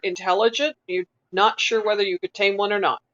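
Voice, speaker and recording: A woman narrating as game master of a tabletop game, relaxed and patient, with casual fillers. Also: mid-range voice, fairly quick, muffled recording.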